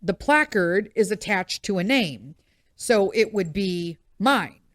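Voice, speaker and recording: A middle-aged woman hosting a podcast, telling a story in a blunt, swearing, animated way. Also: medium pitch, takes it slowly, no room sound, clean studio sound. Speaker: podcast host. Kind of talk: casual storytelling monologue.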